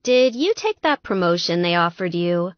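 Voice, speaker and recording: A woman's voice: fairly low pitch, big pitch swings, no room sound, dull audio. A woman doing a bossy, exasperated friend. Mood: curious. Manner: brisk, scolding, raised voice.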